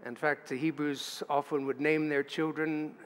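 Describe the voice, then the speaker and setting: A man's voice: a little high, level tone, normal speed, a little hiss or hum. A man preaching a sermon as pastor, in a chatty way with asides to the congregation. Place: church sanctuary. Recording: church livestream with long hall reverb.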